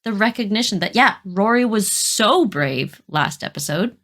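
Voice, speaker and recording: A woman's voice: medium pitch, expressive, normal speed, a bit bright. A woman co-hosting a casual podcast, reflecting thoughtfully on characters from a TV episode. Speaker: podcast co-host. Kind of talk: casual chat discussing a TV episode.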